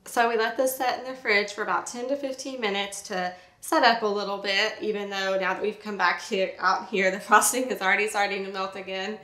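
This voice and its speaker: A bubbly woman talks through a recipe while she works, chatty and quick to laugh. Her voice sits at an ordinary pitch, and the kitchen gives it a noticeable roomy echo. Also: fairly even intonation, sharp tone. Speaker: recipe vlogger. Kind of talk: casual cooking demonstration.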